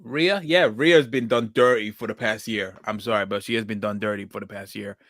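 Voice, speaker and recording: A man's voice: lowish voice, brisk, a bit bright, no echo, clean studio sound. Rambling, hesitant man hosting a chat. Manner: rambling, hesitant, many restarts and fillers. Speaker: podcast host. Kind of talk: casual podcast chat.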